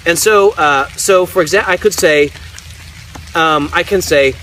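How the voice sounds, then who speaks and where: A man's voice: on the high side, measured pace, pushed and bright. A man who translates the Bible, explaining ideas in a casual teaching conversation and often checking in with "right?". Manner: explanatory, frequent restarts and "right?" tags. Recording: distant mic with faint noise.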